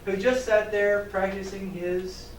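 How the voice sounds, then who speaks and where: A man's voice: sits high, a little slow, a little hiss or hum. A man reading a picture book aloud to children, stopping to ask them questions. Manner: animated, asks questions, chuckles. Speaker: teacher trainer reading aloud. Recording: echoey room, distant mic, faint ambience.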